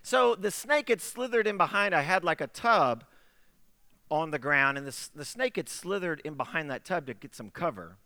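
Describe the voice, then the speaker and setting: Bright-voiced pastor telling a story. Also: male voice, a little high, moderate pace, dry recording, long reverb tail. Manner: animated storytelling with acted-out dialogue. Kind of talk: storytelling sermon.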